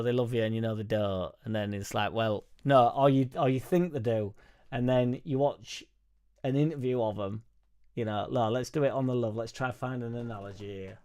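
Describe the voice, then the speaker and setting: A man hosting a football fan live stream, chatting casually and reading viewer comments aloud in a rambling, sweary, jokey way into a studio microphone on a boom arm. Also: clean tone. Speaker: football fan channel host.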